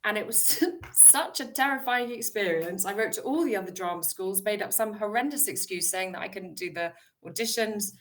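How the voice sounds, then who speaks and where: A British woman, an actor, telling her story as an interview guest, animated and laughing as she acts out her past self. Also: mid-range voice, moderate pace, hardly any pauses. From United Kingdom.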